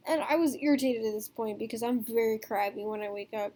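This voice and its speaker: A woman's voice: a little high, fast talker, hardly any pauses, a little mellow. A young woman telling a storytime vlog to camera in a rambling, casual way, full of fillers, swearing and laughter. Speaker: vlogger.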